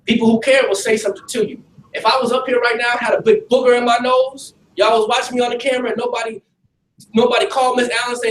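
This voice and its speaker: Male pastor, high voice, lively streetwise preaching; distant mic in an echoey room. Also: fast. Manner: streetwise, animated, talks with the audience. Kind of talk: preaching to young people in a facility.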